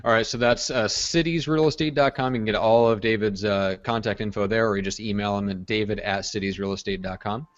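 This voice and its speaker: A man hosting a casual podcast, running the conversation with quick jokes. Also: fairly low pitch, fairly even intonation, lo-fi sound. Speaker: podcast host.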